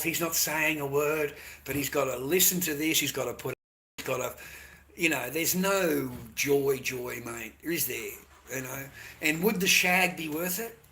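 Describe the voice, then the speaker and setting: A man rants at length in a rambling, swearing flow. His voice sits a bit high and sounds bright and forceful. He keeps checking in with the listener as he goes. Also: slight background noise. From Australia. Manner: rambling, swears often, keeps asking "right?" and "mate". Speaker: vlogger. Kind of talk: profane ranting monologue.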